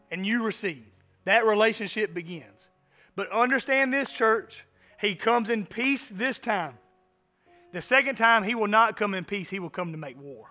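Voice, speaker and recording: A man's voice: high-pitched, expressive, a little slow, pushed and bright, faint music behind. A man, a pastor, preaching a sermon in a conversational style with frequent rhetorical asides. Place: church sanctuary.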